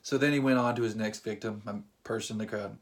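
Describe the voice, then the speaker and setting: A young man telling a funny personal story to camera in a casual, animated, self-deprecating way. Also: on the low side, fast. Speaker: vlogger.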